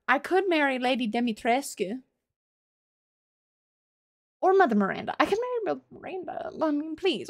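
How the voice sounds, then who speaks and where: A woman's voice: sits high, no room sound, clean studio sound. A woman live-streaming a game, chatting to viewers, swearing freely and laughing often.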